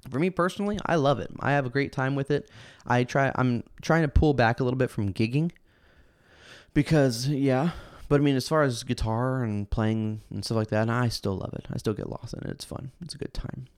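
A laid-back man talking casually as a podcast host, his voice sitting in a middle pitch. He rambles with lots of fillers and restarts and livens up when telling a story. The recording is dry and close, with no room sound. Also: a little fast, clear, resonant tone, no echo. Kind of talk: casual chat.

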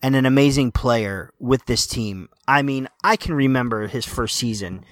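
On a casual football podcast, a co-host who supports Napoli gets emotional, halting often and restarting his sentences. His voice is middle-pitched, and the recording is close and dry with no room sound and no echo.

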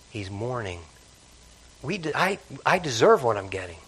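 Preaching man, loud then hushed. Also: lively intonation, normal speed, a little hiss or hum, low-quality recording. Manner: swings between loud urgent bursts and low quiet reflection; repeats and restarts phrases, calls out hallelujah and amen. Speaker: pastor. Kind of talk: sermon.

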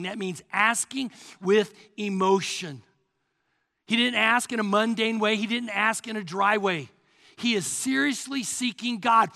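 A man's voice: high voice, vocal fry. Impassioned pastor in his sixties, hall reverb. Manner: dramatic swings from hushed to shouting. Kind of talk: sermon.

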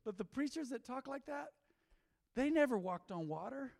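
A man preaching as a pastor, emphatic, repeating lines and swinging between loud and soft. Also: extremely high pitch, animated, normal speed, vocal fry. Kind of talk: sermon. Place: large church hall. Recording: long hall reverb.

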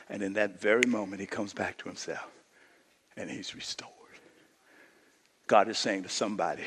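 A man preaching a sermon as pastor, emphatic, swinging from hushed lines to shouted ones. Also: mid-range voice, normal speed, pauses often. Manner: emphatic preaching, drops to near-whisper and rises to shouts. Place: church sanctuary. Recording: long hall reverb.

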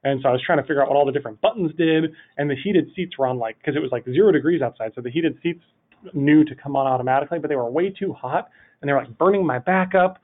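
Male podcast guest, quick, slightly high voice, rambling anecdote delivery, tinny phone-line sound. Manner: animated rambling storytelling, full of "like". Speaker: podcast guest, city project manager. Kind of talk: telling a funny anecdote in a podcast interview.

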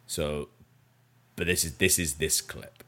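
Deep-voiced rambling man. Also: fairly even intonation, takes it slowly, bright, forceful tone. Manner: rambling, with many fillers and self-corrections. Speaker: podcast host. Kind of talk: casual storytelling.

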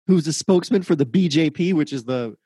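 High, husky male podcast co-host. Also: mellow, dry recording. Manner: halting, restarts often. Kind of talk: casual podcast chat.

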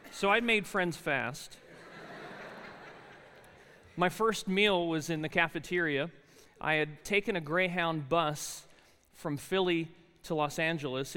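Pushed and bright, this slightly high male voice has a clear, resonant tone. The speaker, a New Jersey man in his forties, recounts his life in a university chapel sermon with frequent fillers and restarts. The large hall makes the recording reverberant.

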